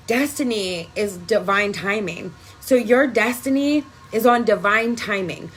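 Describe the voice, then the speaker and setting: A woman's voice: mid-range voice, rough recording. A woman energy worker giving an emphatic, profane spiritual pep talk on a phone live video.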